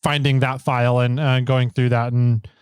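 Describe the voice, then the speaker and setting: A man's voice: medium pitch, little pitch movement, moderate pace, smooth, dry recording, clean studio sound. A man co-hosting a podcast in casual, upbeat chat, often laughing and giving short agreeing replies. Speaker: podcast co-host.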